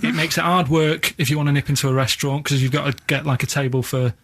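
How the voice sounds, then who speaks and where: A man's voice: fairly high pitch, flat delivery, fast talker, a bit bright. A man rambling hesitantly through stories and quiz clues on a radio show, with many fillers, in a studio.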